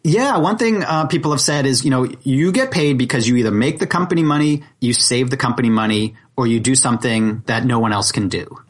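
A man's voice: mid-range voice, fairly quick, hardly any pauses. A man, a salary negotiation coach, telling stories as a podcast guest and acting out the quotes. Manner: animated storyteller who acts out quotes. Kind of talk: podcast interview.

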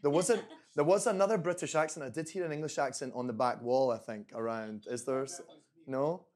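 A Scottish man in his twenties, working as a brand ambassador, presents a tasting to a live audience in an event room. His mid-range voice is darkish, fairly even in intonation and fairly quick. He's chatty and repeats phrases for emphasis.

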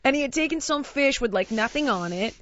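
A woman's voice: high voice, fairly quick, noisy background. Chatty American woman telling a funny story. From United States. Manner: animated, laughs through her own story, acts out quotes. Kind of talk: casual storytelling chat. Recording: dry, slightly dull lo-fi sound.

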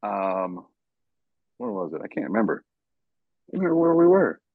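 A man on a casual podcast, telling stories with animated, loud acted-out quotes. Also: mid-range voice, moderate pace, gravelly, no room sound, phone-quality sound. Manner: animated storyteller, acts out quotes loudly. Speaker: podcast guest, basketball writer.

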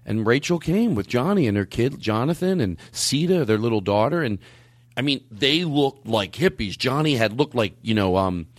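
A man's voice: medium pitch, animated, normal speed, no room sound, studio quality. A man in his fifties hosting a podcast, telling stories in a rambling, self-interrupting way. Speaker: podcast host. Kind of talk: casual chat.

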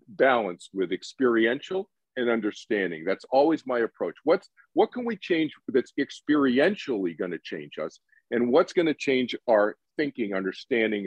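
The speaker is a man with a mid-range, breathy-edged voice, heard in a dull, dry recording. As the meditation teacher guest on a podcast interview, he gets animated, acting out what others said and asking rhetorical questions.

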